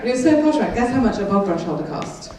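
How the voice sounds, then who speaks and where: A woman's voice: medium pitch, very animated, fast, a little mellow, slight background noise. A woman performing a chatty, cheeky stand-up set and teasing the crowd, recorded live in a concert hall. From Wales. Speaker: stand-up comedian. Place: concert hall with a laughing audience. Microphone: venue recording taken from the audience. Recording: distant echoey hall audience recording.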